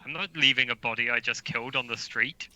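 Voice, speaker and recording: A man's voice: medium pitch, fast talker, bright, forceful tone, low-quality recording. A man as a player in a tabletop game, blunt and dismissive. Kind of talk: casual tabletop play.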